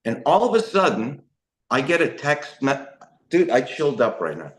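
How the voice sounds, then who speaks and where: Man, mid-range pitch, sharing a raw personal recovery testimony; emotional, rambling, lots of restarts; echoey room sound. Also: sing-song, moderate pace, slight background noise. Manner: emotional, rambling, frequent restarts and "you know". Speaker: speaker sharing his recovery story.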